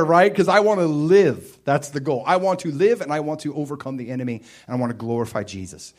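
A man's voice: on the high side, brisk, hardly any pauses. Man preaching a conversational sermon. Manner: animated, conversational preaching with rising emphatic bursts and quieter stretches. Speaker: pastor.

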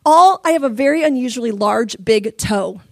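Brief: high-pitched woman preacher, animated storyteller, dry close sound. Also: moderate pace, creaky, dry recording. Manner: animated storytelling, laughing and crying through stories. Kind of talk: sermon testimony.

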